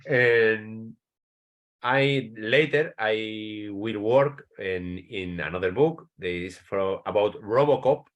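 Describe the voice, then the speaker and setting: A man from Spain with a Spanish accent, a writer interviewed as a guest, speaking English as a second language with many restarts. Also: on the low side. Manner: halting, many restarts, searching for English words. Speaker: author, guest. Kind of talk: interview answers.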